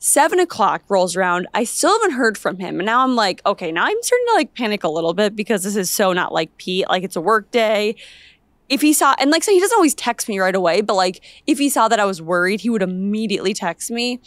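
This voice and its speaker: Young female podcast co-host, lively storyteller, dry close mic. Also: mid-range voice, fast talker, no echo. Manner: animated storytelling, acts out her own quoted lines. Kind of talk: casual chat.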